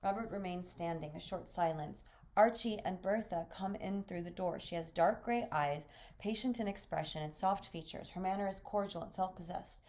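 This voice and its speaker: A woman reading a play script aloud, narrating the stage directions in a measured way. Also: on the low side, a little mellow. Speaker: reader and narrator.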